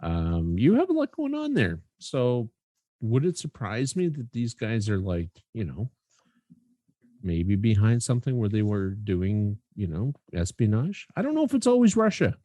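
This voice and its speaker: A man's voice: lowish voice, wildly swooping pitch, moderate pace, dark tone, no room sound, clean studio sound. A man co-hosting a podcast in casual chat, joking and rambling with casual swearing. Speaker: podcast co-host.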